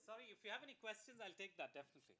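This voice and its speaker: A man's voice: sits high, very animated, very fast, very noisy. A man giving a motivational talk to teachers, telling a story in a conversational way. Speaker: guest speaker for teachers. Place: school auditorium.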